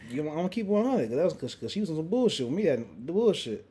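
A young man hosting a casual podcast, telling a story in a profane, animated way with lots of restarts. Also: on the high side, racing, husky. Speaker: podcast host. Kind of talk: casual chat.

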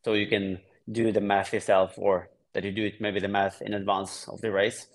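Relaxed man from Norway, low voice. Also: moderate pace. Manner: relaxed, explains plainly with frequent restarts. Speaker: guest triathlete. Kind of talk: casual podcast interview.

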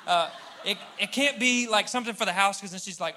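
A young man preaches to a church crowd in a loose, joking way. His voice sits a little high and sounds bright and forceful. He talks straight to the listeners like he's chatting with friends. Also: fast, a little hiss or hum. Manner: humorous, conversational, addresses the crowd directly. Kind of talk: sermon to a live congregation. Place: church hall with audience.

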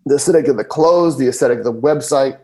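A man's voice: quick pace, a little mellow, low-quality recording. Upbeat man reading a podcast ad. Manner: upbeat, chatty pitch. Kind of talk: casual host-read ad.

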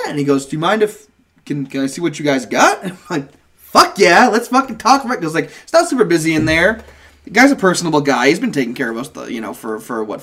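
A young man telling a rambling, profane story on a casual podcast. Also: on the high side. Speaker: podcast co-host.

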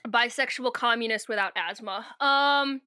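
A woman's voice: a little high, normal speed, pushed and bright, smooth. A young woman co-hosting a podcast in casual chat, rambling through a book recap, swearing freely and laughing often.

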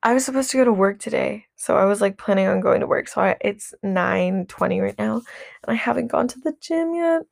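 A woman's voice: medium pitch, fairly quick, creaky, no room sound, studio quality. A young woman vlogger chatting casually about her routine, rambling with lots of "like" and restarts, candid and swearing. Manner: rambling, heavy use of "like", frequent restarts.

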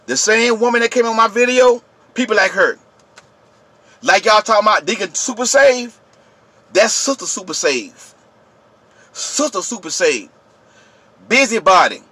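A man, yelling in an impassioned, preachy rant straight to his viewers. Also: high-pitched, animated, a little slow, pauses often, slightly rough, no echo. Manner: yelling, preachy, repetitive, addresses viewers directly. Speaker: channel host.

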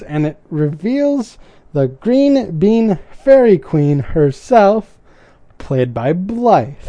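A man's voice: fairly high pitch, mellow, no room sound. A man giving a casual recap of a show's episode, adding chatty asides and his own opinions. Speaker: show recapper.

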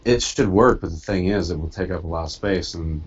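A very deep, husky-voiced man talks bluntly and swears a lot as he vents in a casual group chat. His voice comes through dull, muffled conference-call audio from a headset mic. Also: brisk. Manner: profane, venting, blunt. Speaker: podcast co-host. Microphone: computer headset on a conference call.

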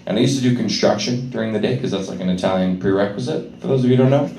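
A man's voice: lowish voice, racing, warm tone, reverberant, distant mic. A man doing stand-up comedy in a club, working the crowd and telling a rowdy, profane story. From Canada.

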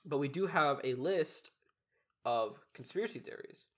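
A young man co-hosting a casual podcast, raspy and nasal from a cold, talking in an easygoing, rambling way. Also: a little high, lively intonation, unhurried, a bit bright. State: congested from a cold or allergies. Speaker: podcast co-host. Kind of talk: casual chat.

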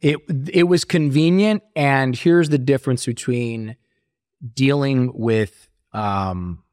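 A man's voice: mid-range voice, takes it slowly, darkish tone, clean tone, no room sound, studio quality. A middle-aged man telling his story as an interview guest, acting out quoted voices as he talks.

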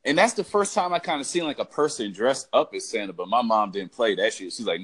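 A man's voice: medium pitch, lively intonation, a little fast, few pauses, a bit bright, slightly rough. A man in casual, profane conversation, sharing his own memory in a laid-back way.

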